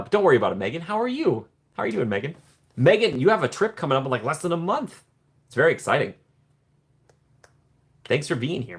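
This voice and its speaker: Casual male streamer reading chat, friendly, talkative, average pitch. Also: breathy edge. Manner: friendly, chatty, addresses viewers by name; playful put-on excited voices when joking. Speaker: livestream host reading chat.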